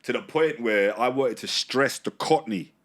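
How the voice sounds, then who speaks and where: A man from North London with a London accent, chatting casually as a podcast guest, slangy and animated, laughing often. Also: mid-range voice, a little slow. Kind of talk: casual chat.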